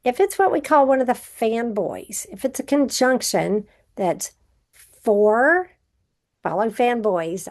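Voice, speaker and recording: A woman's voice: medium pitch, creaky, a little mellow. A woman teaching a recorded grammar review, patiently explaining step by step with example sentences.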